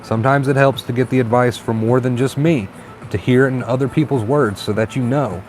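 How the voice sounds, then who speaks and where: With faint traffic audible outside, a relaxed man hosts a casual live stream, reading out viewer comments and offering encouragement. His voice is medium-pitched and a little fast.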